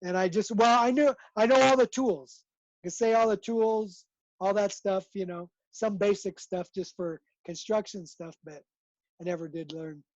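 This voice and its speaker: A man's voice: high-pitched, no room sound, muffled recording. A man chatting as a guest on a video call, rambling and restarting his sentences often. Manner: rambling, halting with many restarts. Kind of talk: casual video call chat.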